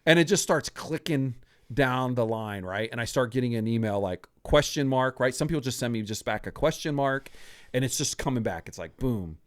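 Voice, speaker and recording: Animated storytelling man in his sixties. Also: mid-range voice, normal speed, dry recording, studio quality. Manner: animated, acts out quoted lines, laughs often. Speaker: podcast host telling his own story. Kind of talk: casual storytelling chat.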